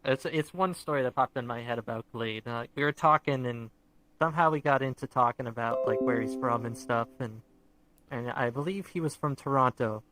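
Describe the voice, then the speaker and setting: A man's voice: mid-range voice, moderate pace, a bit bright, rough recording. A man co-hosting a podcast, telling casual anecdotes and laughing a lot. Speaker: podcast co-host. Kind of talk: casual chat, storytelling.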